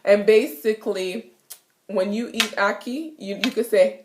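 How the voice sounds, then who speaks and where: A young woman with a Jamaican accent gives a playful, giggly patois lesson in her kitchen, repeating words slowly. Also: mid-range voice, slight background noise. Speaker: vlogger teaching patois. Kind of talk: casual video lesson. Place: home kitchen.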